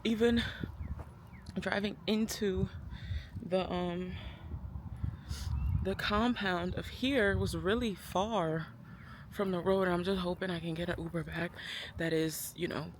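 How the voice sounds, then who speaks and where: Woman, vlogger, from New Jersey, emotional, gushing, slow-paced, outdoors, phone mic. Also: fairly low pitch, steady tone, noisy background. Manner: gushing, emotional, laughs often. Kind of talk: casual vlog talk to camera. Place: outdoors in a botanical garden. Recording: loud music under the voice. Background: loud background music.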